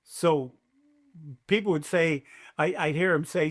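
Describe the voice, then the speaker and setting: A man's voice: a little high, measured pace. An older man, a race announcer, telling stories in a podcast interview and acting out quotes in a raised voice. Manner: animated, acts out quotes in a raised voice.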